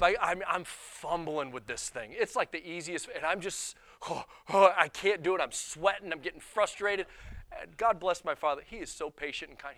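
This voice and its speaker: A male pastor giving a sermon, animated and self-deprecating, telling personal stories and acting out quotes. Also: fairly high pitch.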